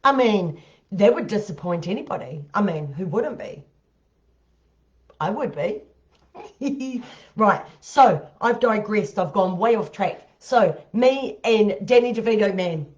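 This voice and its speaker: A woman's voice: medium pitch, expressive, slow pace, a little mellow. Profane woman telling dating stories. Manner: blunt, heavily profane, laughing asides. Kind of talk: casual storytelling monologue. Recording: dull lo-fi audio.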